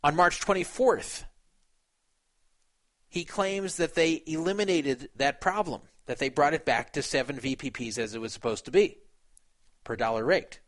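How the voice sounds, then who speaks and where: A man's voice: on the high side, moderate pace, fairly bright tone. A man retelling a poker dispute in a casual, opinionated way. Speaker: poker commentator. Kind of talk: casual commentary.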